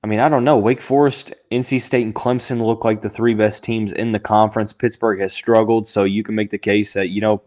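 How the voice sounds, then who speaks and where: A man hosting a sports podcast, thinking out loud with lots of fillers and restarts, who has the hiccups. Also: fairly low pitch, level tone, brisk, hardly any pauses. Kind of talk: casual sports analysis podcast.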